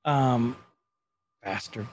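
A man's voice: mid-range voice, extremely slow, a little mellow, no room sound. A man chatting casually as he recaps a show, acting out quotes of the dialogue.

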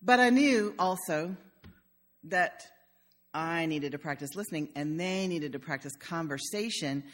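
A woman's voice: sits low, expressive, a little slow. An older woman pastor giving a conversational sermon in a church, telling stories with humor. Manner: warm storytelling with humor.

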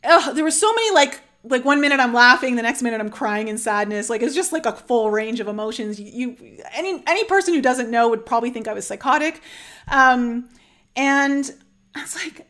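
Young woman w a high voice, earnest vlog story, lots of likes, animated. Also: normal speed. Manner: earnest, animated, many fillers like "like". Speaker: channel host sharing a personal story. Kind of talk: emotional personal storytelling.

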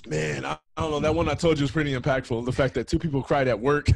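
A man's voice: on the high side, flat delivery, fast, creaky, no echo. A man in his thirties, a former athlete, telling his story in a casual interview with many "man" and "um" fillers. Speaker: guest, former athlete and founder.

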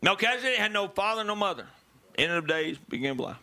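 A male preacher delivering a sermon, dropping to low murmurs and rising to shouted calls to the congregation. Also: big pitch swings, fast talker. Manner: swings from low murmurs to loud shouted exhortations.

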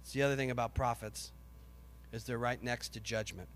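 A man preaching a sermon with passion, rising to shouts and acting out the voices of biblical figures. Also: mid-range voice, steady tone, a little fast, big-room sound, slight background noise.

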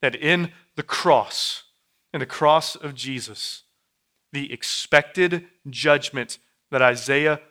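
A man in his thirties preaching a sermon in a church, repeating and building his phrases, dropping to a hush and then rising loud. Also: mid-range voice, slow pace. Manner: repetitive, building phrases, swings from hushed to loud. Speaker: pastor. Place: church sanctuary.

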